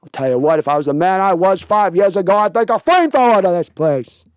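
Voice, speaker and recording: A man doing an impression of an outraged older film actor, barking and ranting loudly. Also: sits high, animated, fast, clean tone, no room sound, voice pushed up. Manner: loud, barking, exasperated ranting. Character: gravelly, shouting older movie-star man, outraged.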